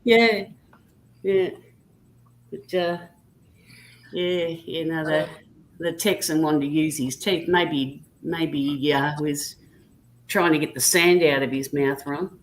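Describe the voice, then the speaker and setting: A woman's voice: deep voice, fairly even intonation, takes it slowly, long pauses, a little hiss or hum, low-quality recording. An Australian woman chatting casually on a live stream, telling stories in an easygoing, anecdotal way. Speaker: guest on a live chat stream. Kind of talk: casual chat.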